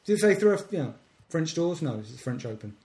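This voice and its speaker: An English man co-hosting a podcast, chatting casually with dry, deadpan humour. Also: on the high side, brisk. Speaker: podcast co-host. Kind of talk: casual chat. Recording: echoey room.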